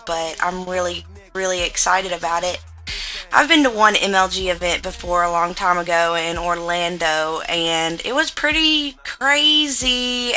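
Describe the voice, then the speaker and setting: A young American woman with a hillbilly-ish Southern twang, chatting over a game in a casual vlog. Her voice is bright and a little sharp, and she tells her stories in a loud, profane way. There is faint music playing underneath her. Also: medium pitch, low-quality recording. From United States. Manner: loud, profane, laughing storyteller with a drawl. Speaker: gaming YouTuber. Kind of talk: casual gaming vlog storytelling.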